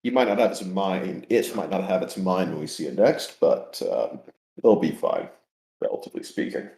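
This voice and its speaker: A man with a very deep voice weighs in on the game, calm and measured. He speaks plainly and matter-of-factly. His voice carries a noticeable room echo. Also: creaky. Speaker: player. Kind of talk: casual tabletop play. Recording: roomy echo.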